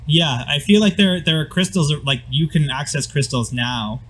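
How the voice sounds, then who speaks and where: A man's voice: fairly high pitch, normal speed, breathy edge, poor audio. Rambling male game master. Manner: loose, filler-heavy description. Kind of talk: narrating a tabletop game.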